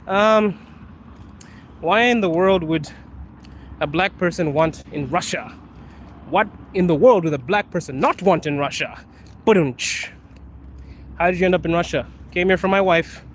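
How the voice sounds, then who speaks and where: A man's voice: sits high, unhurried, pauses often. Laid-back man live-streaming on the street. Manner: laid-back, laughs often, calls viewers bro. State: coughing from allergies. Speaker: live streamer answering viewer questions. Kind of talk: casual live-stream chat. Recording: faint street and traffic noise.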